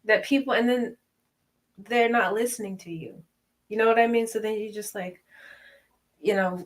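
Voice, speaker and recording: Animated woman in casual chat. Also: medium pitch, normal speed, long pauses, low-quality recording. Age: 30s. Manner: animated, acts out quoted voices, laughs often. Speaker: podcast co-host.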